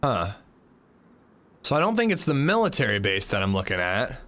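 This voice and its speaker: A man talks his way through a game livestream in loose, rambling chat with casual swearing. His tone is bright and forward, and his pitch rises and falls with a lot of life. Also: wildly swooping pitch, normal speed. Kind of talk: casual gameplay commentary.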